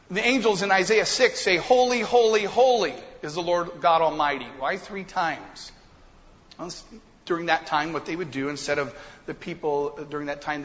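High-voiced preacher in a reverberant hall. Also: male voice, lo-fi sound. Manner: swings between quiet asides and loud impassioned preaching. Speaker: pastor. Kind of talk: sermon.

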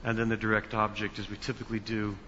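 A man preaching a sermon as pastor, slow and emphatic, building to loud stressed words. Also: on the low side, monotone, a little hiss or hum. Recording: dull sound with long hall reverb.

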